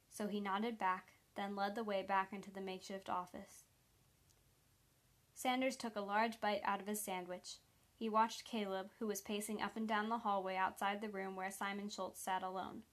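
Woman, audiobook narration, measured, flat intonation, mid pitch. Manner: even, measured reading. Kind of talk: scripted narration.

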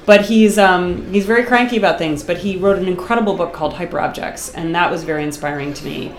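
A middle-aged Boston woman, a guest artist, chats casually in an interview, lively and talkative and laughing a lot. Her voice is fairly low and quick, and the sound is roomy.

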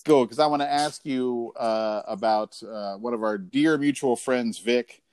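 A man's voice: medium pitch, unhurried, darkish tone, clear, resonant tone. A man hosting a casual podcast, joking and teasing his guest. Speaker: podcast host.

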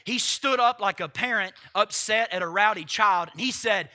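A man in his thirties preaching a sermon in church, talking straight to the congregation and swinging from quiet asides to loud shouted lines. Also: sits high, normal speed, few pauses. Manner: conversational, addresses congregation directly. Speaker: pastor.

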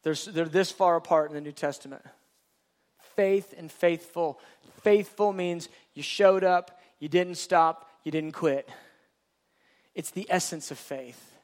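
Brief: high-pitched male preacher, emphatic, repetitive, rhetorical questions. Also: unhurried, darkish tone. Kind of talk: sermon.

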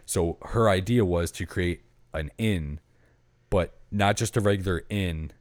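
A man's voice: low voice, a little slow, no room sound. A man co-hosting a podcast, retelling a movie plot in loose, profane casual chat and acting out the characters' lines. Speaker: podcast co-host.

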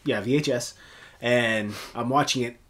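A man's voice: mid-range voice, measured pace, fairly bright tone. A man casually recapping a movie scene by scene, with laughing asides.

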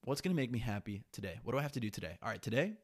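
A man's voice: mid-range voice, sing-song, racing, dry recording, studio quality. A young man hosting his own podcast, rambling casually and restlessly, with plenty of swearing and a bit of a sniffle. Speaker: podcast host. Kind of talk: casual solo podcast monologue.

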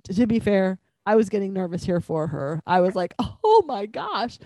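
A woman's voice: medium pitch, mellow, no room sound. A woman co-hosting a podcast, chatting casually about an episode and asking her partner questions. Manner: chatty, prompting questions and quick agreement. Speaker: podcast co-host.

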